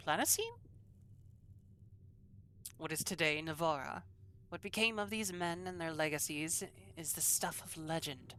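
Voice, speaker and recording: A woman voicing a haughty male scholar in a deliberately bad put-on French accent, reading game text aloud slowly and stiffly. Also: sits low, a bit bright, a little hiss or hum, low-quality recording.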